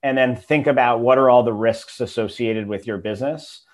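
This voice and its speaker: A man guesting on a business podcast as an investor, talking in a relaxed way with many fillers. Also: mid-range voice, moderate pace. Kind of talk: casual interview.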